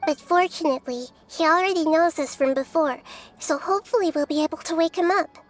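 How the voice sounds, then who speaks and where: A woman voicing a calm, wise, young-looking goddess in a video game, with a soft, light, girlish voice and a gentle, thoughtful manner. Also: very high-pitched, a little fast, soft background music.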